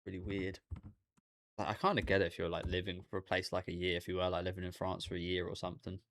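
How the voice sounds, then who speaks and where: Young man, very deep voice, gravelly fry, casual rambling reaction talk, dry close recording. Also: flat delivery, fast, fairly bright tone, no echo. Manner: rambling, talking aloud to himself. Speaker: anime reaction host.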